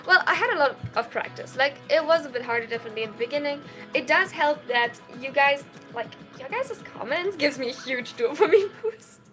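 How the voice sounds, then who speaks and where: A young woman with a high, bright-pitched voice talks casually on a live stream, reading chat messages aloud and reacting with quick bursts of excitement. She sounds tired from lack of sleep, with faint music playing behind her in a small dorm room. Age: young adult.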